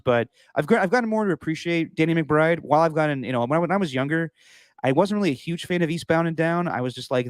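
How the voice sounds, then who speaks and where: A man co-hosting a podcast in casual chat, enthusiastic and quick to laugh. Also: medium pitch, no room sound. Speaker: podcast co-host.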